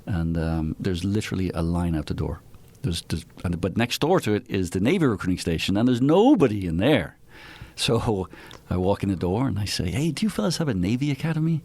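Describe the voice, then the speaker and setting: Deep-voiced Irish man telling stories. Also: lively intonation, normal speed, hardly any pauses, warm tone. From Ireland. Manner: chatty anecdotal storyteller. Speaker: guest. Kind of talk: casual interview storytelling.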